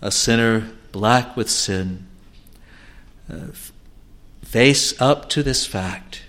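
A man's voice: medium pitch, extremely slow, fairly bright tone. A male preacher delivering an evangelistic sermon with earnest, pleading appeals.

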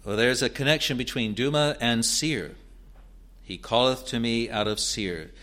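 A man preaching an expository sermon in a deliberate, earnest way, building to emphatic rises. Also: medium pitch, a bit bright.

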